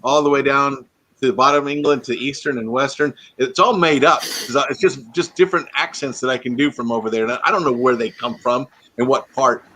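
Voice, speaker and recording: A man's voice: medium pitch, steady tone, fairly quick, bright, forceful tone, breathy edge. A man hosting a livestream, rambling in casual chat and joking about himself. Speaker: livestream host.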